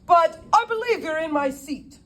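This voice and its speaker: A woman's voice: very high voice, animated, fairly bright tone, voice pushed up. A woman voicing a polite, dapper male attorney with a British accent in an audiobook. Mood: breezy. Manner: polite, cheerfully brisk.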